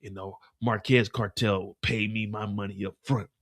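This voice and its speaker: A menacing male hitman who taunts his target in a gravelly low register, played by a man. The voice stays bright and dry, with big swings in pitch. When hurt, the same hitman turns to shrill, cursing screams. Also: fairly even intonation, moderate pace, no echo. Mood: threatening.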